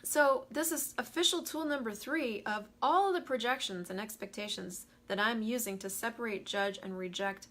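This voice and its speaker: Hosting a live stream about money, a woman keeps things casual and lively, welcoming viewers by name right away. She speaks in a somewhat high voice that comes across very bright and forward.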